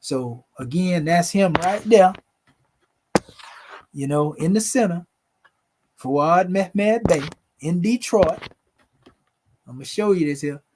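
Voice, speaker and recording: Male host, relaxed explanatory chat over images, slightly higher-pitched, calls his audience family. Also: takes it slowly, long pauses, noisy background. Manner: conversational, addresses viewers as family. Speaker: video host presenting photos. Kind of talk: casual explanatory talk over pictures.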